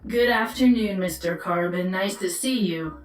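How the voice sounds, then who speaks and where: A woman voicing a sly, rough-talking low-city mother in a video game, falsely polite and defensive. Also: normal speed, echoey room, distant mic, lightly acted, rough recording. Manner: falsely polite, then cursing and yelling.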